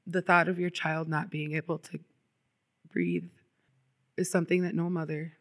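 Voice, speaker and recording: A woman's voice: low voice, level tone, normal speed, a bit bright. A woman from Minnesota, giving an earnest, impassioned public speech as a climate justice organizer, with the odd filler.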